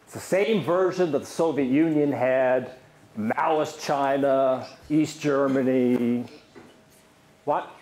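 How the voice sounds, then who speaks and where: A man's voice: medium pitch, takes it slowly, darkish tone. A man giving an economics lecture at a university, quizzing the audience with questions and talking with many fillers. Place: lecture hall. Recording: echoey lecture hall, faint noise.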